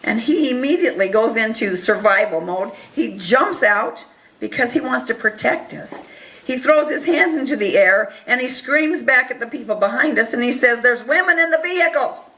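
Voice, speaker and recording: Bright-voiced woman telling a story. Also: on the high side, moderate pace, rough recording. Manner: earnest, animated retelling with quoted dialogue. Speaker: speaker recounting events to an audience. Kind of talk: first-person storytelling talk.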